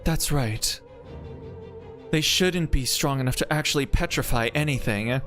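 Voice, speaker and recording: A man voicing a calm adult woman servant from a game, in a breathy, measured voice. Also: mid-range voice, over music, close to an everyday voice. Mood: cool.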